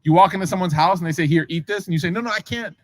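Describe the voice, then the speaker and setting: Talking very fast in a high voice, a man is captured on a low-quality recording with no room sound. He's a preacher recounting a religious story in a loose lecture style, animatedly voicing its characters with many asides to the audience.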